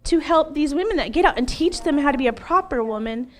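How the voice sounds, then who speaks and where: A woman in her thirties giving an earnest, animated personal testimony as an interview guest, laughing now and then between lines. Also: sits high, fast.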